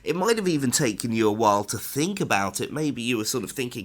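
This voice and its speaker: A man teaching an online training module, lively and instructive, often jumping up in pitch to stress points. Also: fast, hardly any pauses. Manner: animated, instructive, pitch jumps up for emphasis. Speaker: corporate trainer. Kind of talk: online training lecture with demonstration.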